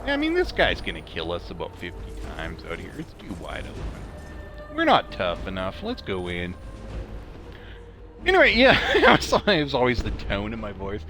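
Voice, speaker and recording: A man's voice: on the low side, wildly swooping pitch, normal speed, sharp tone, soft background music. A man with a drawling Idaho accent chatting loosely as he plays a game, rambling and laughing often with a snarky, self-mocking tone. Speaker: gamer commentating his play. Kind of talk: casual gameplay commentary with storytelling.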